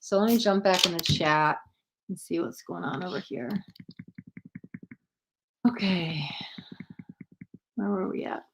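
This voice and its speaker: A woman's voice: lowish voice, slow pace, creaky, pauses often. A woman hosting a tarot livestream in a casual, chatty way, greeting viewers by name and laughing at herself when she stumbles over names.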